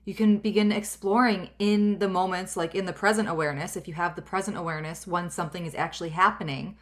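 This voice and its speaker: A woman's voice: lowish voice, steady tone, fast talker. A woman in her thirties hosting a self-help podcast, talking in a chatty, rambling and earnest way with many fillers. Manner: earnest and gentle. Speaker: podcast host.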